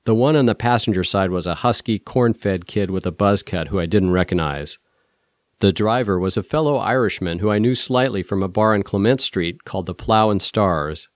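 Man reading a crime story out loud, lowish voice, steady and measured, dead dry studio sound. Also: no echo. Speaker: audiobook narrator. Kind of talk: first-person scripted narration.

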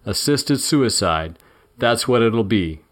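Menacing male heavy with a gun, low and sneering, read by a man. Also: animated, slow pace. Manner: taunting, sneering.

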